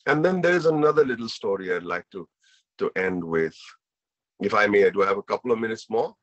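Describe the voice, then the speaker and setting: A man's voice: on the low side, animated, fairly quick, no room sound, dull audio. A man with an Indian English accent telling a personal story as a guest speaker, earnest and emotional, often repeating himself.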